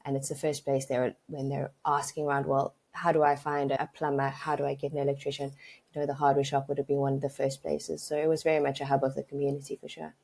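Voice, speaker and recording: A woman from Africa, a podcast guest telling stories in a lively way. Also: very deep voice, quick pace, gravelly. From South Africa. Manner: lively anecdotal storytelling. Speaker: guest, audit expert. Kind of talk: podcast interview storytelling.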